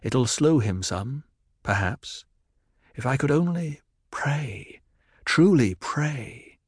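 A man's voice: mid-range voice, lively intonation, slow pace, breathy edge, dry recording, clean studio sound, pitched above the performer's own voice. A man voicing a fierce, protective noblewoman with an intense, commanding manner. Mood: anxious.

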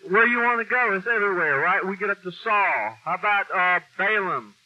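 A man's voice: high voice, expressive, moderate pace. A man preaching an informal sermon in a blunt, folksy way, with mild cursing and heavy emphasis. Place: meeting room with a mic. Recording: dull lo-fi recording.

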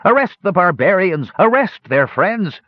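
Man voicing a quavery old man, much higher than his own voice, shrill and frantic, storybook. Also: sing-song, a little slow, no room sound, muffled recording, exaggerated voice. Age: older. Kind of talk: audiobook character voice.

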